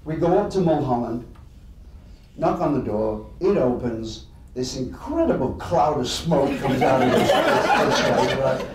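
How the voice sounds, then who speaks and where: An English man from England telling anecdotes to an audience in an animated, chuckling way. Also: mid-range voice, measured pace, heavy reverb, recorded from a distance, low-quality recording. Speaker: guest storyteller.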